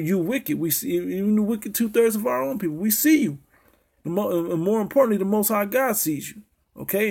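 A man preaching a sermon. He reads archaic scripture slowly and adds commentary, often ending points with "okay?" and "man". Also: sits high, creaky, dark tone, breathy edge.

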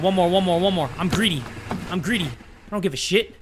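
A man's voice: sits high, fairly quick, noisy background. A young man playing a horror game, talking to viewers in a jittery, self-mocking, chatty way. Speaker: gaming youtuber.

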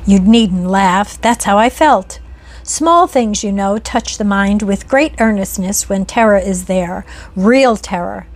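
A woman reading a Victorian ghost story aloud in an earnest, measured first-person narration. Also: medium pitch.

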